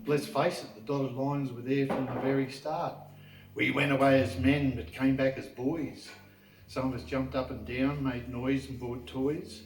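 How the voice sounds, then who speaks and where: A man's voice: mid-range voice, level tone, unhurried. A man reading his own rhyming poems at an open mic, wry and joking about his lines. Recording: echoey room, mic far off, faint noise.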